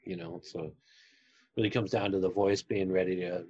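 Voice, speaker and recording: A man, a voice actor, talking in a halting, self-deprecating way in a casual interview. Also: sits low, fairly even intonation, darkish tone, slightly rough. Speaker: voice actor guest. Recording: dull lo-fi recording.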